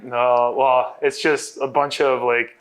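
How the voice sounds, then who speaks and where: A man's voice: mid-range voice, level tone, slow pace, noisy background. A man in his thirties from Minnesota, a hockey player chatting easygoing as a guest. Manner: easygoing, laughs often. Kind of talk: casual chat.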